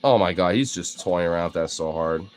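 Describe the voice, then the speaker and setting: Over soft background music, a man with a low, fairly quick voice narrates clips of his dogs for a video. He gets excited, talks baby talk to the pets, laughs in bursts, and swears casually.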